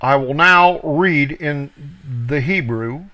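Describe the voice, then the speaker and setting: Very slow, bright-voiced male Bible teacher. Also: a little high, rough recording. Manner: slow, deliberate reading, calling out reference numbers. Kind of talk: scripture reading with word study.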